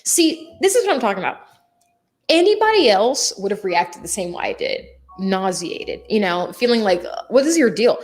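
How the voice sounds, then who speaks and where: A woman in casual chat, telling a story in a lively way and acting out the people in it. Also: mid-range voice, moderate pace. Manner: animated, acts out quoted people. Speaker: tarot channel host.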